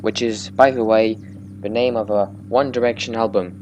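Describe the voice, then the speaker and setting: A man's voice: fairly low pitch, steady tone, moderate pace, darkish tone, highs cut off, slight background noise. Sleepy, rambling man. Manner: rambling small talk, slurred words. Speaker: gaming let's-play host. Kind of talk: casual gameplay commentary.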